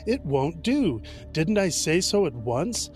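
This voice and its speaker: A man's voice: fairly high pitch, sing-song, slow pace, a little mellow, faint music behind. A man voicing a fearless, mocking male soldier in a fairy tale. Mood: defiant. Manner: defiant, mocking.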